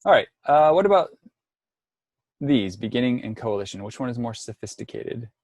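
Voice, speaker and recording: A man's voice: mid-range voice, big pitch swings, normal speed, darkish tone, no echo, studio quality. A man presenting an online workshop, explaining step by step with frequent ums and restarts over a video call. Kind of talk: online lecture.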